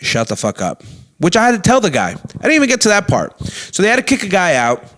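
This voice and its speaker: A young adult man and comedy show host, telling a story in a loud, animated way with constant swearing and acted-out quotes. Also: high-pitched, fast talker.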